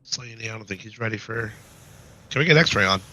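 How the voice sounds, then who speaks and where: Hoarse man calling a match. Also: on the low side, animated, moderate pace, pushed and bright, a little hiss or hum, rough recording. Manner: wry, talks to the audience between calls. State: hoarse from being sick. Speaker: esports caster. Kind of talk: live play-by-play commentary.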